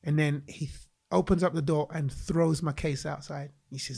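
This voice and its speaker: A man from England, a guest in a podcast interview, telling a personal story in an animated way and acting out the voices he quotes. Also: a little high, moderate pace, creaky, slightly rough.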